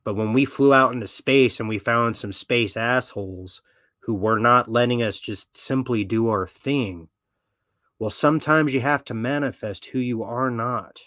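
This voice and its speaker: A low-pitched man holding forth in a blunt, swaggering monologue, swearing freely as he goes. The sound is dry and close, with no room around the voice. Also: unhurried, fairly bright tone, dry recording. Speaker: podcast host. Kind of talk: profane opinionated monologue.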